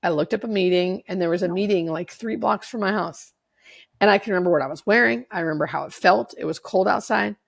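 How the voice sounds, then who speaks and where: Woman in her 40s, podcast guest, candid storyteller, swears freely, a bit of vocal fry. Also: medium pitch, fast. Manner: candid, swears freely, acts out what others said. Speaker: podcast guest, hospice nurse.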